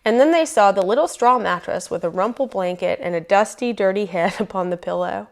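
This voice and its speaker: A woman reading a picture book aloud in a lively, folksy storytelling manner. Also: mid-range voice, brisk.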